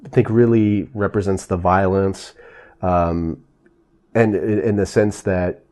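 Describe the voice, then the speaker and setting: A man hosting a casual talk about film soundtracks, with a lowish, mellow voice. He is easygoing, laughs often and drifts through small restarts as he thinks aloud. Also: a little slow. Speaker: podcast host. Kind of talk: casual film-music review chat.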